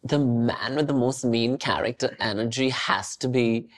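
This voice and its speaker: A young adult podcast guest with an Indian accent, talking casually, effusive and expressive, laughing often and mixing Hindi into English. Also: medium pitch, normal speed. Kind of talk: casual conversation.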